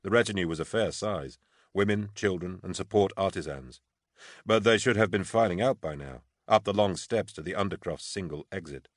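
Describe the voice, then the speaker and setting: Deep male narrator, measured, dry studio read. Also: no echo. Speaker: audiobook narrator. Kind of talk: scripted narration.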